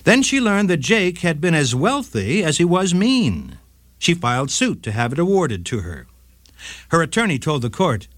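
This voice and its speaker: A man's voice: a little high, moderate pace, no echo. A man hosting a short legal radio segment, reading a scripted case story with dramatic flair. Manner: dramatic, lively storytelling read.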